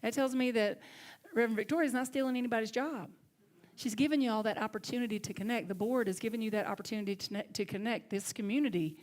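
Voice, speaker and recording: A middle-aged woman with a Southern accent, a minister giving a sermon in lively storytelling that sometimes drops to soft, hushed tones. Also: a little high, fast.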